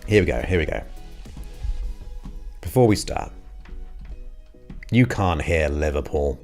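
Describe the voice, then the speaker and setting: A man's voice: rumbling low, lively intonation, slow pace, darkish tone, faint music behind. A man from England hosting his show, chatting casually and enthusiastically with viewers. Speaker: podcast host. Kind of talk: casual livestream chat.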